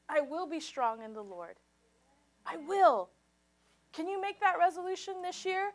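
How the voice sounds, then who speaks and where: A woman pastor preaching a sermon with passion, moving from soft, low passages to loud, high exclamations and leading the congregation in call and response. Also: moderate pace.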